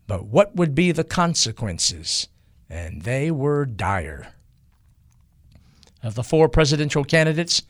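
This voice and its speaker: A man giving a scripted history narration in a measured, emphatic storytelling manner. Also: on the high side, dry recording, studio quality.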